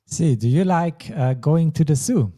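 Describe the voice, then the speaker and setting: A man's voice: on the high side, expressive, a little slow, mellow. A man teaching a language lesson, explaining patiently step by step. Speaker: German teacher.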